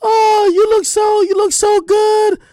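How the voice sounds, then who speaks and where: A man voicing a blunt, doting middle-aged mother who fusses over her grown son in a high, sing-song voice. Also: little pitch movement, slow pace, mellow, no room sound.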